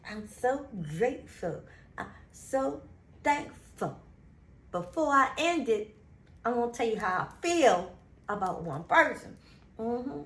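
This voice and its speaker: A woman host, reading Bible verses in a casual faith talk, animated and emphatic, repeating phrases. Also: a little high, echoey room. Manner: animated, emphatic, drawn-out repetitions. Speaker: show host.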